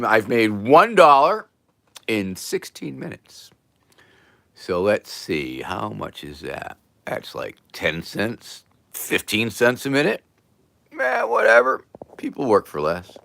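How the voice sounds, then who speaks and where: A man's voice: mid-range voice, fairly bright tone, no room sound. A man hosting a casual livestream, reading viewer names aloud and answering them with dry jokes. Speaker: livestream host.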